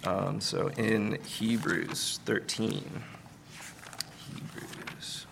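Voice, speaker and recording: A man giving a conversational Sunday sermon, relaxed, with many fillers and light humor. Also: on the low side, extremely slow, creaky, background noise. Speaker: preacher.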